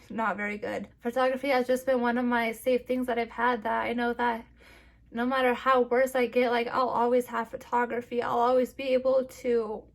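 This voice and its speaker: A young woman speaks in a slightly high voice, close to tears and catching her breath between phrases. Her talk is halting and filled with "like" and restarts, in a personal vlog to camera. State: tearful and short of breath. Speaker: vlogger.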